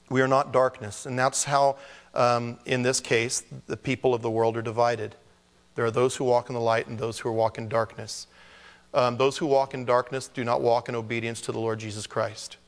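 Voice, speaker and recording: Animated male pastor in a reverberant hall. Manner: animated, jokey, mimics people in high mock voices. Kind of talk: conversational sermon.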